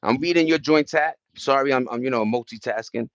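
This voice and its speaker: A man's voice: mid-range voice, a little fast, no room sound, dull audio. A middle-aged man hosting a livestream, telling loose, slangy stories in casual chat and greeting viewers from the chat between them. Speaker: livestream host.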